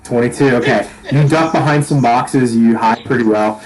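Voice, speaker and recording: A young man runs a tabletop game as dungeon master, with a voice of middle pitch. He laughs often and stops and restarts his sentences as he narrates the scene. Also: normal speed, rough recording.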